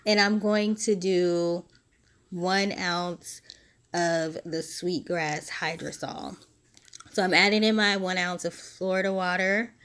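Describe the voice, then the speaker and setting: A woman narrating a casual how-to voice-over for her spiritual DIY video. She sounds a little short of breath and explains each step in a relaxed, chatty way with small laughs. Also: fairly low pitch, takes it slowly, clean tone. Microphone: phone.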